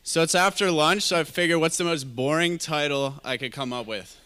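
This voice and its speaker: A man's voice: a little high, brisk, pushed and bright, clear, resonant tone. A man giving a conference talk on a handheld microphone, opening with wry jokes. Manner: wry, joking opener. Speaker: guest speaker at a health summit. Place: live event venue.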